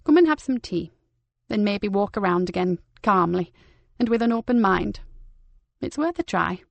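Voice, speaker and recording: A woman's voice: medium pitch, lively intonation, moderate pace, vocal fry, no echo. A woman voicing an older woman, a retired soldier turned gardener, reflective and dry-humored. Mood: reassuring. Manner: dry, self-mocking, reflective.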